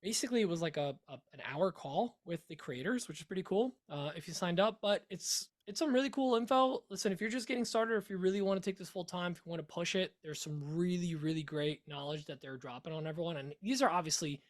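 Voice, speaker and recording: A man's voice: high voice, fast talker, few pauses. A man co-hosting a woodworking podcast in casual chat, rambling and joking with frequent laughter. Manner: rambling, jokey, laughs often. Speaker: podcast co-host.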